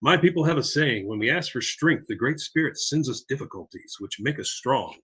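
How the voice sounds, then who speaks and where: A calm, wise middle-aged man, as a man puts him on, giving advice in a measured and gentle way. His voice is bright but unhurried. It is a plain cartoon impression on a podcast. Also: medium pitch, breathy edge, full character voice.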